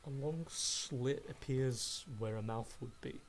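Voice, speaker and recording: A man narrating a tabletop game as game master, describing the action in slow, measured, vivid detail. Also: medium pitch.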